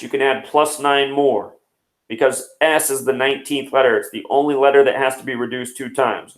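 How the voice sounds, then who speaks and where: A man in his thirties hosts a news commentary show, reeling off one number after another in a rapid, explaining manner. His voice sits at a middle pitch. The recording has a noticeably echoey room sound. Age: 30s. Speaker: host.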